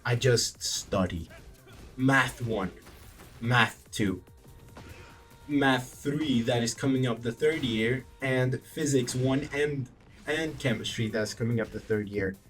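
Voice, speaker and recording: A young man telling a story in a casual vlog, animated and profane, rambling with self-corrections. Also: medium pitch, takes it slowly. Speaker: vlogger. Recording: distant mic, faint background music.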